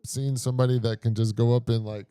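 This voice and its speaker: A man's voice: medium pitch, flat delivery, quick pace, mellow, clean tone, no room sound, clean studio sound. A man co-hosting a comedy podcast, joking crudely with restarts and frequent laughter. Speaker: podcast co-host. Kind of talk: crude casual banter.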